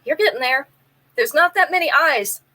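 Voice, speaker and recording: A woman's voice: sits high, expressive, normal speed, pushed and bright, rough recording. A woman hosting a live jewelry sale, chatting casually, describing pieces in detail and running a trivia game with viewers.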